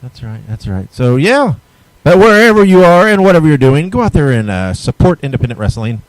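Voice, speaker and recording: An easygoing male podcast host talks in a relaxed, chatty way between show plugs. The recording is dry and close, with no room echo. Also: on the high side, a little fast. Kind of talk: casual podcast chat.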